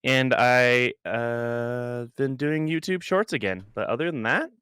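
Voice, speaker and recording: Male podcast co-host, bright, smooth voice, laid-back deadpan delivery. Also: mid-range voice, measured pace, dry recording, studio quality. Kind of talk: casual chat.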